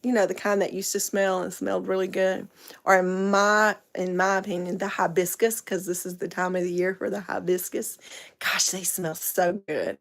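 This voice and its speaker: A woman's voice: mid-range voice, little pitch movement, moderate pace, creaky. A middle-aged woman, rambling chattily in a casual livestream and laughing often. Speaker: vlogger.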